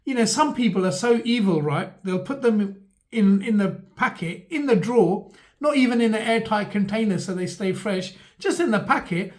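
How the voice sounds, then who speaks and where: A man's voice: sits high, lively intonation, normal speed, a little mellow. A man, talking to camera in a rambling, mock-earnest comic monologue with many fillers. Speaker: vlogger.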